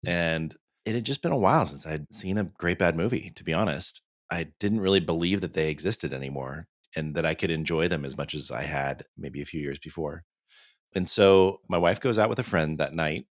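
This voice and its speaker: A middle-aged man co-hosts a podcast in relaxed conversation. His voice sits low and is recorded dry and close. He tells stories with energy, acting out the lines of the people in them. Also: no room sound. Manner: animated storytelling, acts out quotes. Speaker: podcast co-host. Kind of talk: casual chat.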